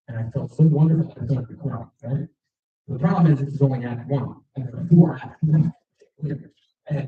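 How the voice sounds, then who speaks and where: A man doing stand-up, telling a story in a rambling, chatty, self-mocking way with lots of fillers, on a small stage before a live audience. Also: medium pitch. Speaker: stand-up comedian. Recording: echoey room, distant mic, dull sound.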